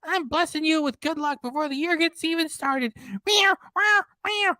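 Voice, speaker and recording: A livestream host putting on a high, sing-song voice for a cheerful cat mascot who meows and hands out good-luck blessings. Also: normal speed, bright, forceful tone, dry recording, studio quality. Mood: cheery, sing-song. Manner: sing-song meowing and thanking, drawn out.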